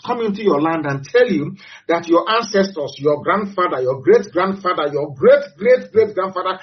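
Man, Nigerian accent, high-pitched, emphatic, rhetorical, repetitive, lo-fi recording. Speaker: political speaker. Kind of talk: impassioned broadcast address. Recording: dull lo-fi audio.

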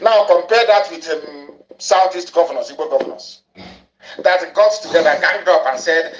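A man's voice: fairly high pitch, normal speed. A man giving an angry, ranting broadcast monologue, hammering points home by repeating phrases. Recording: echoey room, dull lo-fi audio.

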